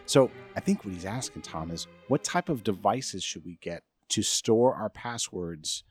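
A man co-hosting a casual podcast, full of teasing jokes and playful asides. His voice is fairly low. Faint music plays underneath. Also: animated, unhurried. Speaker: podcast co-host.

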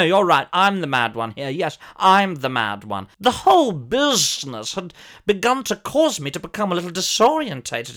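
A man's voice: on the high side, fairly bright tone. A man doing a pompous plummy old thespian. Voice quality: plummy, theatrical, prone to sudden shrieks. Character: pompous posh older male ex-soap actor. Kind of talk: comic character monologue.

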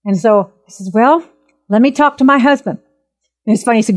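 A woman in her fifties, a minister, telling her testimony in an earnest, emphatic and animated way. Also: on the high side, brisk. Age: 50s. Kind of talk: personal testimony talk.

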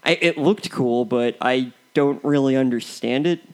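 A man's voice: medium pitch, unhurried. Rambling young man reviewing a film. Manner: rambling, hesitant, full of ums and restarts. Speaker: co-host of a movie review show. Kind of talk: casual film review chat.

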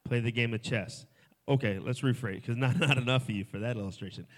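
A man preaching a sermon at a festival, swinging from hushed, soft lines to loud, emphatic ones. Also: medium pitch, a little fast. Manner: dynamic, swings from hushed to shouting. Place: festival stage before a crowd.

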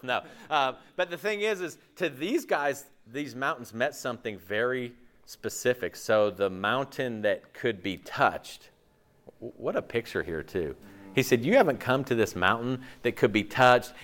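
A man preaching a sermon in a lively, conversational way, joking and asking the congregation frequent questions. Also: mid-range voice. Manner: asks the audience frequent questions. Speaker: pastor.

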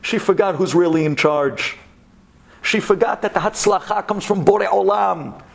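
A man's voice: sits high, normal speed, creaky. A man, a rabbi, telling a story dramatically and acting out the people in it. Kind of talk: storytelling talk.

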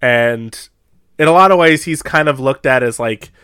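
A young man co-hosting a podcast, telling a story in a casual, animated way with plenty of laughs. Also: mid-range voice, normal speed, smooth, dry recording, studio quality. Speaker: podcast co-host. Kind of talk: casual chat.

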